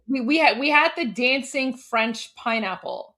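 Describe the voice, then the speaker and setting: A woman's voice: high-pitched, measured pace, over loud music. Chatty, giggly woman host in her forties. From Canada. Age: 40s. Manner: chatty and giggly, lots of "like" fillers. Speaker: livestream host. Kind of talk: casual live commentary.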